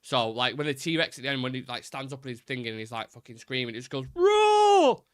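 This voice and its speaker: A man's voice: mid-range voice, steady tone, fast, pushed and bright, clean tone, no echo, clean studio sound. A man hosting a live football fan stream, chatting casually and rambling, swearing now and then.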